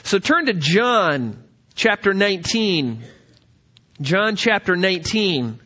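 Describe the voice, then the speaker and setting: High, animated man teaching scripture. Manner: reads scripture aloud slowly with emphasis; directs listeners to turn to passages. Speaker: Bible teacher. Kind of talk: Bible study lecture.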